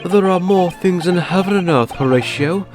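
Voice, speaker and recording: A man's voice: high-pitched, normal speed, over music, pitched above the performer's own voice, lightly acted. A man voicing a theatrical male lodger who talks in archaic, stage-like speech while playing a game. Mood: declaiming. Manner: grand, archaic stage declaiming. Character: theatrical male lodger forever quoting old plays.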